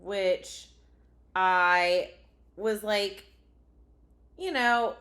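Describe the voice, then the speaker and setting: A woman's voice: medium pitch, very slow, fairly bright tone. A woman co-hosting a casual podcast chat, animatedly telling a story and laughing at herself. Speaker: podcast co-host.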